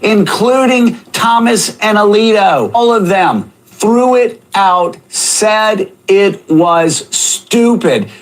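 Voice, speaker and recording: An indignant man delivers cable news commentary in a fairly high voice. He stumbles and restarts his sentences as he builds his argument. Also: slow, few pauses.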